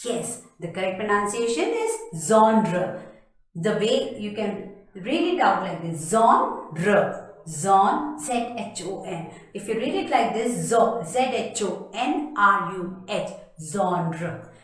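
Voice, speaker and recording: Woman, pronunciation teacher, slow deliberate delivery, emphatic, spells words out, strongly echoey room. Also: mid-range voice, very animated. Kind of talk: slow spoken pronunciation lesson.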